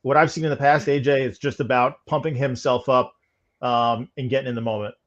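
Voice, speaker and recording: A man's voice: mid-range voice, steady tone, a little fast. A man from New York co-hosting a bowling podcast, giving thoughtful, analytical takes and often restarting phrases. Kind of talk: casual commentary. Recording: dull lo-fi audio.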